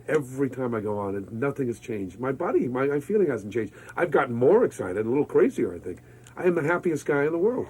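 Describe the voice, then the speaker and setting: Energetic husky-voiced New man. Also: mid-range voice, quick pace, poor audio. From Brooklyn, New York. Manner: energetic, exuberant storyteller. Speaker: radio disc jockey, guest. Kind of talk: interview conversation.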